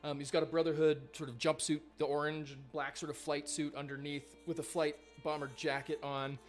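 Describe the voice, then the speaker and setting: A man narrating a live tabletop game as game master, in a casual, rambling way full of fillers and the odd swear. His voice sits a little higher than most men's, with faint music underneath. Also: level tone, fairly quick.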